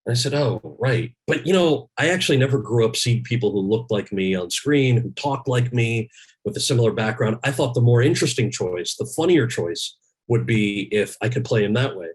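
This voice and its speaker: A man's voice: mid-range voice, brisk, slightly rough, low-quality recording. A man in his forties, a guest actor, telling candid stories with lots of restarts over a video call. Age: 40s. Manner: candid, animated anecdotes with many restarts. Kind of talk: storytelling in a conversation.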